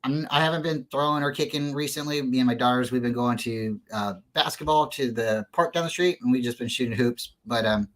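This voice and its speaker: A man's voice: medium pitch, brisk, few pauses, low-quality recording. Earnest, rambling man telling stories. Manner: earnest, rambling, lots of fillers and restarts. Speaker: guest. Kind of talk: casual storytelling interview.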